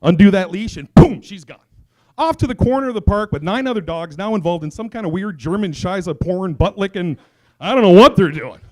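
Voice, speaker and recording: Brief: male comedy host, high voice, animated stand-up storyteller with a sarcastic edge. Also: fairly quick. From raised by Italian parents.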